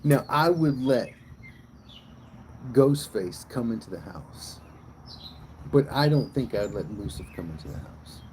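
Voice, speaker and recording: Laid back guy swearing his way through a stream by the cows, mellow voice, faint birds and outdoor hum behind. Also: medium pitch, expressive, unhurried, pauses often, low-quality recording. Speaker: livestream host. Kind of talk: casual livestream chat. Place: outdoors by a cow pasture.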